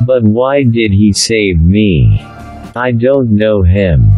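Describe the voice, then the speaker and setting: A man reading the lines of Love, a desperate female spirit, in a slow storybook telling. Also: lowish voice, big pitch swings, narrow, tinny audio, faint music behind, heavily acted. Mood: puzzled.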